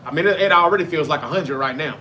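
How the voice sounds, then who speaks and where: Bright-voiced Southern man, loose and profane. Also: fairly high pitch, fast talker, slight background noise. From Memphis, Tennessee. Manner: loose, profane, talks straight to viewers. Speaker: livestream show host. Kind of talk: casual chat reading viewer comments.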